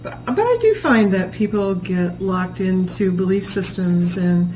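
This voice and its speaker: A woman co-hosting a casual talk show, agreeable and quick to laugh. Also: mid-range voice, lively intonation, a little mellow, poor audio. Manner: agreeable, chatty, laughs easily. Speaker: co-host. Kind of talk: casual chat. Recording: faint background noise.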